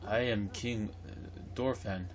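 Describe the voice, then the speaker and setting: A man putting on a slow booming fish king. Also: steady tone, slight background noise. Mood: regal. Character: stately old male fish king, slow and grand.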